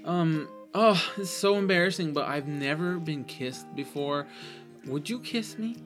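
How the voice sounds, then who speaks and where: A man's voice: a little high, measured pace, fairly bright tone, faint music behind, pitched above the performer's own voice. A man voicing a coy, pleading woman without arms or legs in a told joke, bashful and sheepish.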